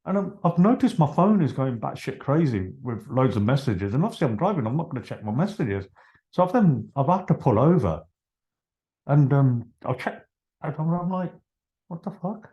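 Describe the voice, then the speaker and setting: A man telling a story on a podcast over a video call, animated, acting out his own dialogue and trailing off. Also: mid-range voice, normal speed, highs cut off. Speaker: podcast guest. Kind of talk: casual storytelling.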